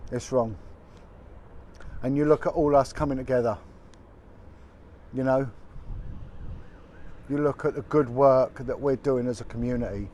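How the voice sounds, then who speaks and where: A man's voice: mid-range voice, fairly even intonation, measured pace, long pauses, warm tone. Former detective vlogger, man, colloquial and indignant; a little background noise. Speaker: former detective turned video blogger. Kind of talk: impassioned direct-to-camera update.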